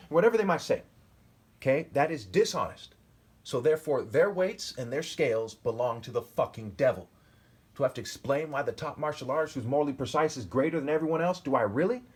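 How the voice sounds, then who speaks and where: A man in his forties with a husky, slightly rough voice holds forth alone on camera. He reads out verses and then rants about them, combative and insulting. He keeps pressing his point with a repeated "okay?". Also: medium pitch. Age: 40s. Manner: preachy, keeps asking "okay?". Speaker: self-styled preacher. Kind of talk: solo video monologue reading and commenting on scripture.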